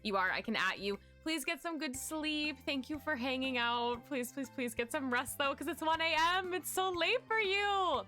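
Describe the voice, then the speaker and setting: A woman's voice: sits high, lively intonation, normal speed, few pauses, pushed and bright, soft background music. A woman streamer chatting casually with her viewers, bubbly and giggly as she reads out chat. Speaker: livestreaming artist.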